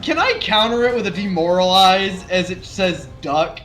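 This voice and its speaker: Laughing player with a raised voice. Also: male voice, high voice, normal speed, fairly bright tone, faint music behind. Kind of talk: casual tabletop play.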